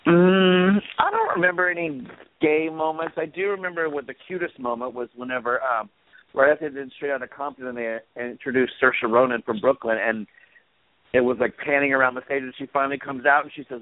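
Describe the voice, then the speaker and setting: Fast-talking man on a tinny line. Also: mid-range voice, steady tone. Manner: rambling, chatty storyteller. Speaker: podcast co-host. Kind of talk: casual chat. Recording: tinny phone-like line, dry.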